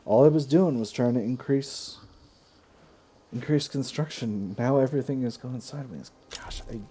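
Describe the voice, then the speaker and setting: A man's voice: medium pitch, normal speed, dark tone, slightly rough. A man hosting a strategy game let's play, talking casually and thinking aloud with asides and self-corrections. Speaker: gaming video host.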